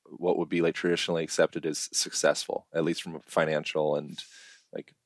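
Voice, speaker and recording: Deep-voiced curious male host. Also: level tone, a little fast, dry recording. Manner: curious, asks probing personal questions, loose phrasing. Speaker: podcast host. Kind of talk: casual interview chat.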